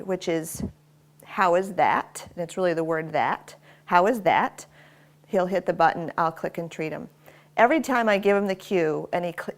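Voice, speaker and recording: A woman dog trainer explaining commands and praising her dog as she works him. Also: lowish voice. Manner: praises the dog warmly and often in a bright raised voice. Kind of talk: instructional dog training demo. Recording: faint background noise with clicker clicks.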